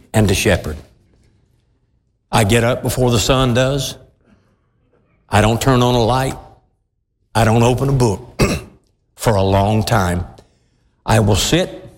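A male pastor preaching a sermon, deliberate and emphatic, lingering on words. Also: medium pitch, big-room sound.

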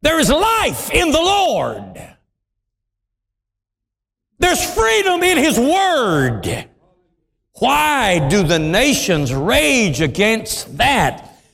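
Man, preacher, sermon, high voice, slow deliberate delivery, dramatic swings in tone. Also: wildly swooping pitch, vocal fry, a bit bright. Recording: long hall reverb.

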